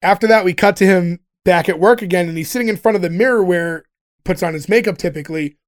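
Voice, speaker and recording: A man with a notably high speaking voice walks through an episode scene by scene. He is chatty and breaks into laughter often. The talk is casual and unscripted. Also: fast talker. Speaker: podcast host recapping a TV episode. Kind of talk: casual chat.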